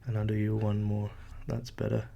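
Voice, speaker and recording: A man teaching a language lesson, explaining letter sounds slowly and patiently while writing, with light self-deprecating asides. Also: fairly low pitch, completely flat delivery, gravelly, warm tone, dull audio.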